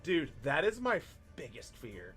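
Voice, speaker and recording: A man in his thirties, talking at a fairly high pitch, chats loosely into his stream mic. His voice rises and falls a lot while he tells a story, and he swears and laughs as he goes. Faint music plays under him. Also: huge pitch swings, moderate pace, a bit bright. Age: 30s. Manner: profane storytelling, laughing often. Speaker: streamer and teacher. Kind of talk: casual stream chat.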